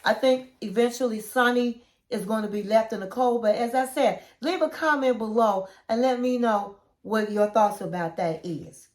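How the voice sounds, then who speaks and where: A woman's voice: on the high side, normal speed, roomy sound. A woman hosting a casual, opinionated reality TV recap, talking chattily and acting out the quotes. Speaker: YouTube recap host.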